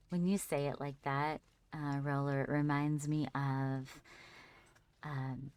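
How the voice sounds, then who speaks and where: A woman with a notably deep, low voice, talking casually through a live gameplay stream. She chats easily with viewers and calls her character "darling" as she goes. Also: darkish tone. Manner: chatty, talks to her character and chat fondly. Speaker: livestreamer.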